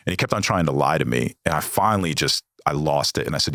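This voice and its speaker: A man's voice: very deep voice, animated, fast talker, creaky, few pauses, a bit bright, dry recording, clean studio sound. An American man, a podcast guest, candidly telling a personal story with blunt, frequently profane language. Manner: blunt, heavy swearing.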